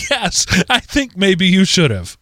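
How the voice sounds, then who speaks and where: A man co-hosting a podcast, casually retelling odd news stories in an animated way, often correcting himself mid-sentence. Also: on the high side, measured pace, no room sound, clean studio sound. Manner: animated, self-correcting storyteller. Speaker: podcast co-host.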